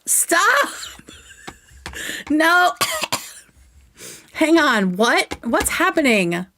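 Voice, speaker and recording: A young woman hosting a livestream, chatting casually and excitedly while reviewing makeup, swearing now and then. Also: high-pitched, drawn-out words, background noise. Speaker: livestream host.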